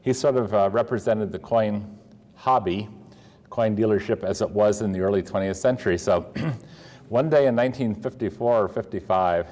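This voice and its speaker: A man's voice: fairly low pitch, moderate pace, darkish tone. An older man from Pennsylvania, a coin dealer telling rambling stories with many fillers and restarts. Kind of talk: storytelling talk.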